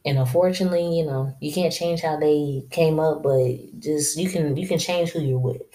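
Low-voiced woman doing her podcast solo, real blunt, slangy, laughing at her own points. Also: moderate pace, dark tone. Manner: blunt, straight-talking advice to women; drawling, slangy and laughing to herself. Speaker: podcast host. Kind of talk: casual solo podcast monologue.

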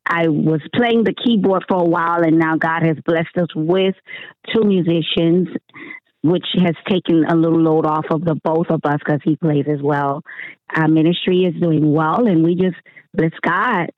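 A woman's voice: deep voice, steady tone, moderate pace, no echo. A woman from Miami, a gospel singer and worship leader, answering interview questions over the phone in an effusive way, often laughing and repeating words. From Miami, Florida. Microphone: telephone. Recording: tinny phone line, dry.

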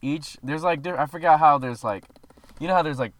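A man's voice: a little high, a little fast, slight background noise. A man co-hosting a podcast, talking in a laid-back, casual way with lots of "like" and "bro.". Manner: laid-back, explains things with fillers like "like" and "bro". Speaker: podcast co-host. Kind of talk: casual chat.

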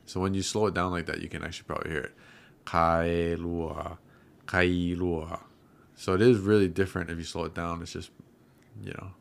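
A man in casual podcast chat, patiently explaining pronunciation and slowing words down to demonstrate them. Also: low voice, fairly even intonation, vocal fry.

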